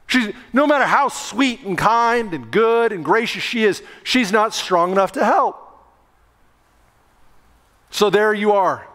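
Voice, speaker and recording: High-voiced male pastor preaching. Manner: lively storytelling with acted-out yelling. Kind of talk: sermon. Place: church sanctuary. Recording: long reverb of a church sanctuary.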